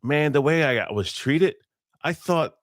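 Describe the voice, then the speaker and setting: A man's voice: on the high side, animated, measured pace, no echo, clean studio sound. A middle-aged man in a casual interview, telling blunt, rambling stories about his working life and often correcting himself mid-sentence. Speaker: interview guest, electrician. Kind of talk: casual storytelling.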